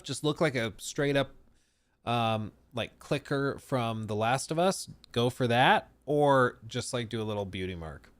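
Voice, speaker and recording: A man's voice: mid-range voice, animated, measured pace, clear, resonant tone. A man live streaming, chatting casually and joking over a video he is watching. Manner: joking, laughs often. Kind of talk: casual chat.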